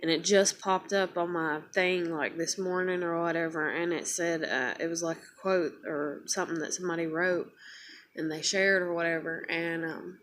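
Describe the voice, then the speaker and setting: A woman's voice: lowish voice, steady tone, moderate pace, a bit bright, a little hiss or hum. Weary woman venting, swearing freely. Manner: venting, swears often, many restarts and fillers. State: weary, emotionally worn down. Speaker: vlogger. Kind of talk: casual confessional vlog.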